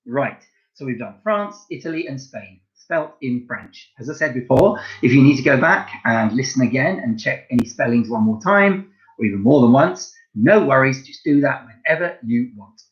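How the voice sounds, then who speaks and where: A man teaching a recorded home-learning lesson to young children, slow and encouraging, spelling out words letter by letter. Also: medium pitch, animated, highs cut off. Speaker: primary school teacher.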